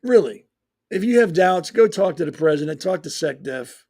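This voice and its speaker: A man's voice: on the high side, expressive, moderate pace, darkish tone. A man hosting a talk show, delivering a blunt, profane, sarcastic opinion monologue. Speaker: host.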